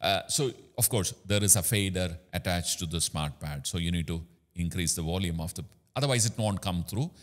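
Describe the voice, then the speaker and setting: A man's voice: low-pitched, fairly quick, few pauses. A man hosting a product demo tutorial, explaining features with many fillers. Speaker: host. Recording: room with long reverb.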